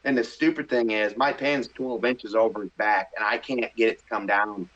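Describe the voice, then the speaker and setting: A middle-aged man from the Midwest telling a story in a casual interview, animated and excitable, acting out his own thoughts. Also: on the low side, moderate pace. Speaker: hunting show host, podcast guest. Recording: slightly dull podcast audio.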